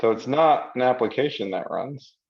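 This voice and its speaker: A man with a gravelly, creaky voice at a middle pitch talks through a live question-and-answer stream. His delivery is chatty, rambling and self-deprecating. The computer-mic audio sounds a bit dull and lo-fi. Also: animated, normal speed. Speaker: co-host of a live software Q&A show. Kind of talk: casual conversational livestream chat.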